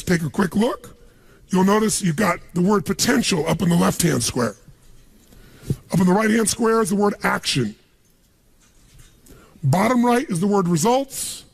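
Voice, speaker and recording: A middle-aged man giving an energetic motivational seminar speech, punchy and questioning the crowd. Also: high-pitched. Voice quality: gravelly, husky. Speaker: motivational speaker. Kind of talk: live seminar speech to an audience.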